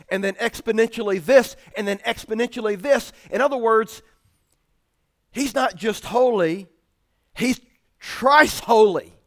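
High-voiced male preacher. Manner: emphatic, explanatory preaching. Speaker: pastor. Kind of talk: sermon.

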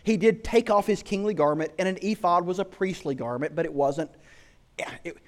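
A man's voice: high-pitched, normal speed. A man preaching a sermon as a pastor, telling stories with lots of rhetorical questions. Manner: animated storytelling with rhetorical questions.

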